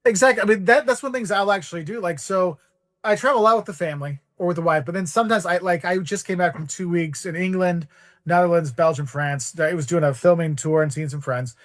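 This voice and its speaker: A man's voice: sits high, fast talker, a bit bright, no echo, clean studio sound. A man in his forties, a guest on a podcast, rambling through travel stories and acting out voices in quotes. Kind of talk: casual storytelling.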